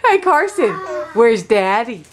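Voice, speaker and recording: A woman's voice: a little high, very animated, slow pace. A mother cooing and laughing at her baby in a home video, talking to him in a playful, coaxing way. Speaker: baby's mother. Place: family home indoors. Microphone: handheld camcorder. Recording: home video with family chatter around.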